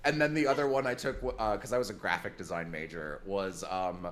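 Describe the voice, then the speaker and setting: A man chatting casually on a charity game stream, telling animated, rambling stories. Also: low voice, brisk, slight background noise.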